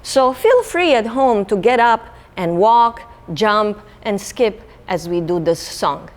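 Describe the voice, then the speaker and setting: A woman's voice: mid-range voice, expressive, slow pace, long reverb tail. A woman librarian leading a children's storytime, reading aloud and asking young listeners questions.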